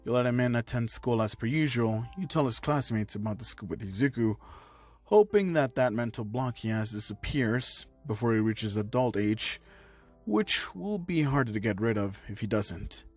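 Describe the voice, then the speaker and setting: A man voicing a calm adult male doctor who asks measured questions. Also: medium pitch, faint music behind, natural voice.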